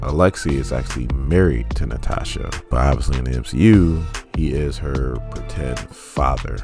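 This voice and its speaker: A man's voice: extremely low pitch, moderate pace, music in the background. A man giving a casual, joking video review of a superhero film to his channel's viewers. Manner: joking, animated storytelling. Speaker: YouTube movie reviewer.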